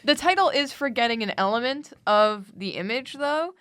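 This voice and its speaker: A woman's voice: on the high side, animated, normal speed, a bit bright, dry recording, studio quality. A young woman on a drawing show, reading out a description with a teasing, amused manner. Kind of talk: reading out a description, casual banter.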